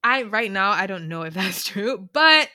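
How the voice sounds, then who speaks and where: A woman's voice: medium pitch, expressive, unhurried, sharp tone, no room sound, clean studio sound. A woman co-hosting a podcast, chatting casually and animatedly, laughing often as she retells a reality show. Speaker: podcast co-host. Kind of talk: casual chat.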